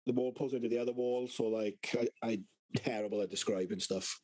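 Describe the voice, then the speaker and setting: A man's voice: medium pitch, fairly even intonation, brisk, a little mellow, low-quality recording. A British man co-hosting a podcast, telling rambling stories in casual chat and swearing a lot. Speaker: podcast co-host.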